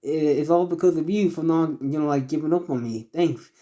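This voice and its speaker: A man voicing an eager young hero for a homemade fan story, upbeat and quick to exclaim. The voice is mellow and dark in tone, only a little above his own. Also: fairly high pitch, close to an everyday voice. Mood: cheerful.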